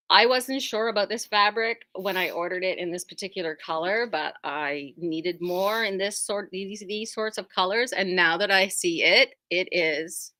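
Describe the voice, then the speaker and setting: A woman with a bright, forward voice rambles cheerfully about new fabric bolts from her quilt shop. She wanders off topic and pokes fun at herself. Her voice sounds close and dry, with almost no room sound. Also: medium pitch, unhurried, no echo. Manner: chatty, rambling, self-deprecating. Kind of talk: casual product showcase.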